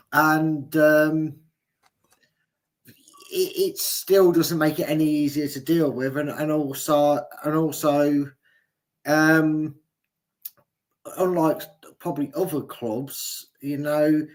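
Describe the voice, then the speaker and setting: A man co-hosting a casual fan live stream. He gives rambling, jokey opinions in a slightly high voice. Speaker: fan channel co-host.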